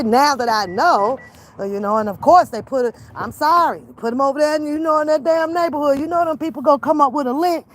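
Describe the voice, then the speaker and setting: A woman vlogger chatting casually, telling loud, profane, laughing stories. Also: high voice, animated, moderate pace, background noise. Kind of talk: casual chat.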